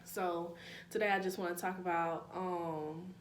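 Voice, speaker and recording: A young YouTuber from New Orleans, Louisiana, chats casually with her viewers in a vlog, calling them y'all and adding laughing asides in her New Orleans accent. Her lowish voice is steady and a little slow, recorded in an echoey room with a faint hum.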